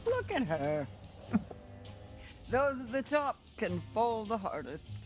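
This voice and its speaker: An actress playing an eerie old fortune teller reading tarot cards, speaking in slow, ominous, cryptic half-whispers. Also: female voice, fairly high pitch, sing-song, soft background music.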